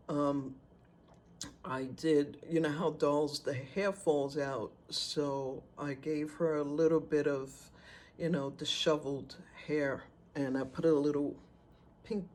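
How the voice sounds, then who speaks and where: A man telling a personal story in an unhurried, halting way with fillers and pauses. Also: a little high, a little mellow. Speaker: storyteller sharing a personal testimony.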